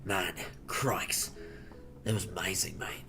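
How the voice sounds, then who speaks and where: A man's voice: low voice, takes it slowly, vocal fry, bright, forceful tone, soft background music, heavily acted. A man voicing an exaggerated male Australian tourist in a put-on Australian accent, with playful, hammy exclamations.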